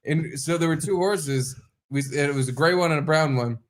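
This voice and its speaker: A man co-hosting a podcast, chatting casually and telling a story, swearing and acting out quotes in high voices. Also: a little fast. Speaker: podcast co-host. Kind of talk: casual chat.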